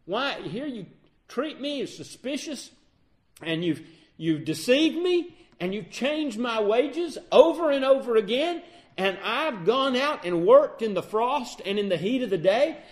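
Man playing a tired aggrieved shepherd, defensive, high voice, Bible story. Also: big pitch swings, unhurried. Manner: complaining, defensive. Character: wronged, weary male shepherd, son-in-law.

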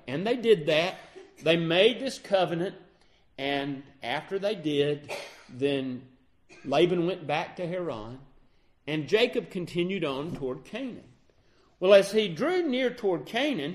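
A man's voice: sits high, animated, measured pace. A man retelling a Bible story in a conversational way, with fillers and self-corrections.

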